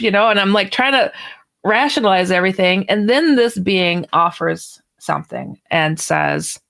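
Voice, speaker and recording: A woman's voice: mid-range voice, moderate pace, creaky. A woman author, a guest on a radio interview, telling a personal story and acting out the dialogue. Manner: animated storyteller who acts out quoted dialogue.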